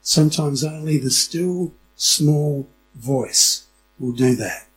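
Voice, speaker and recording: A man's voice: a little high, slow pace, slight background noise, poor audio. Conversational preacher, man. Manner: conversational, asks the congregation questions. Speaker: pastor. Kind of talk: sermon.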